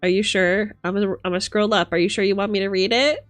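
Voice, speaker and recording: A young woman streamer chatting casually with her viewers, animated, laughing and swearing freely. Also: medium pitch, quick pace, faint music behind. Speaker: livestreamer.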